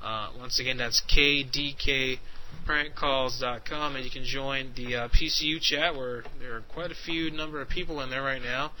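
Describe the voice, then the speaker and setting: A man's voice: mid-range voice, fairly even intonation, normal speed, bright, forceful tone, low-quality recording. A man hosting an internet radio show, rambling casually with lots of fillers. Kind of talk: casual prank-call radio chat.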